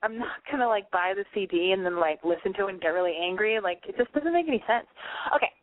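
A woman's voice: mid-range voice, animated, fast. A young woman hosting a call-in show, chatting casually and rambling, swearing often and filling with "like". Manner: chatty, swears a lot, many likes. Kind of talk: casual chat, profane and rambling. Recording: dry tinny phone-like sound.

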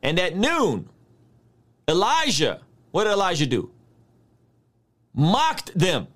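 A man's voice: sits high, huge pitch swings, slow, fairly bright tone. A man teaching a sermon on scripture, talking straight to his listeners in a conversational way and breaking into mock-outraged asides. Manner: addresses listeners directly, conversational. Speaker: preacher.

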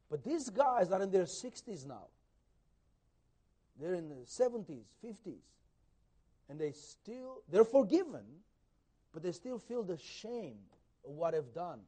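A man preaching a sermon, retelling a Bible story in an animated way, his loudness rising and falling. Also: sits high.

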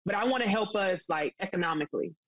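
A woman's voice: medium pitch, expressive, fast, a bit bright, no room sound, low-quality recording. A woman speaking as an interview guest, earnest and enthusiastic, talking at length in a casual, rambling way.

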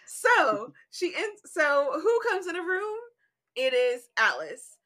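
High, bright-voiced woman, emphatic. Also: big pitch swings, slow pace. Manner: emphatic, retells scenes with lots of "like". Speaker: podcast guest. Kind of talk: casual book discussion.

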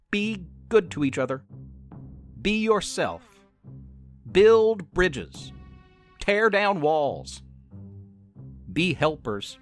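A man narrating a podcast story and reading poems in a gentle, encouraging, playful way. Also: high voice, no room sound.

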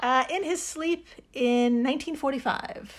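A woman's voice: sits high, unhurried, very noisy. Playful woman podcast storyteller. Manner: playful storyteller, narrates with dramatic flair. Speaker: podcast co-host.

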